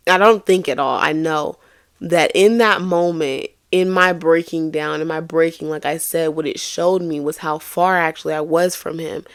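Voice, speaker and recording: A woman's voice: lowish voice, fairly bright tone, smooth, no room sound, studio quality. A young woman hosting a faith-based podcast, telling a personal story in an earnest, confessional way, often restarting her sentences. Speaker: podcast host.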